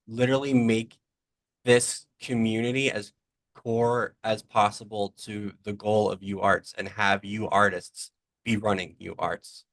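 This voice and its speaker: Low-voiced young man, halting and earnest. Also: flat delivery, no echo. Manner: halting, repeats words, earnest. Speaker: student participant. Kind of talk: online meeting comment.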